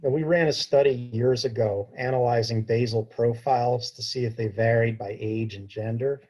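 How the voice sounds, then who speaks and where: Husky-voiced man, educator fielding questions, calm and explanatory, video call. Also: mid-range voice, moderate pace, rough recording. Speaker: diabetes educator answering questions. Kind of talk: informal Q&A talk.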